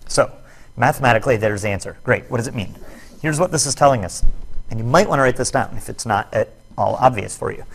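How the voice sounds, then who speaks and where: A slightly rough, medium-pitched male voice leads a recorded physics lesson on net force. He explains worked problems one step at a time, with self-deprecating jokes along the way.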